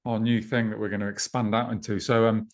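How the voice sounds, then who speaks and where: A man's voice: on the low side, flat delivery, brisk. A man co-hosting a casual podcast, chatting and teasing his co-host in a dry way.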